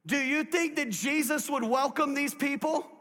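A man preaching a sermon as a pastor, telling a story in an emphatic, lively way in a church. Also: very high-pitched, normal speed. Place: church sanctuary. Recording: long hall reverb.

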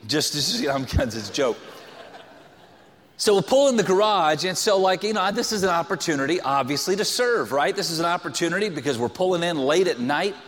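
A man's voice: on the high side, expressive, fairly quick, a bit bright, in a large hall. A male pastor preaching a sermon in a loose, conversational way, joking and using many filler words. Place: church sanctuary.

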